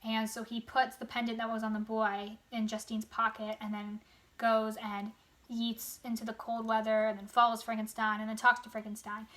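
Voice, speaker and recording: A woman's voice: a little high, monotone, a bit bright. A young woman with a sore throat casually summarizing a novel, rambling with lots of fillers and slangy asides. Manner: rambling, filler-heavy retelling with quick casual quoted voices. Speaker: book summarizer. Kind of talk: casual spoken book summary.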